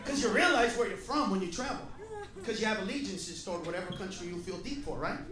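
A man doing a loud, profane stand-up comedy routine, telling punchy stories on stage. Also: high-pitched, lively intonation, quick pace. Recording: echoey club from far, loud crowd.

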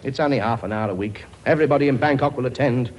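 A man's voice: medium pitch, fast talker, a little hiss or hum, natural voice. A man playing a bossy, boastful comic king in a sitcom, blustering and scolding in a chummy way. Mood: brusque. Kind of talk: sitcom acting before a laughing audience.

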